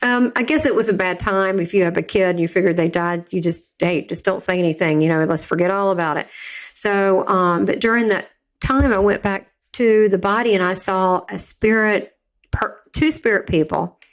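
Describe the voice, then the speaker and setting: As a podcast guest, a Southern US woman tells a personal story in a chatty, vivid way at a moderate pace. Her voice sits at an ordinary middle pitch, and she performs the voices of the people she quotes.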